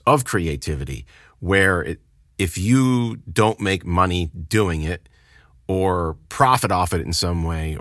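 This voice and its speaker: A man's voice: low-pitched, a bit bright, no room sound, clean studio sound. A man co-hosting a podcast in casual, emphatic conversation, often restarting his phrases. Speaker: podcast co-host. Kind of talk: casual chat.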